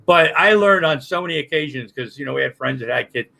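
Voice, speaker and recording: A man's voice: fairly high pitch, animated, quick pace, creaky, bright, forceful tone, poor audio. An older man on a livestream chat, rambling and cursing with many restarts. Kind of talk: casual chat.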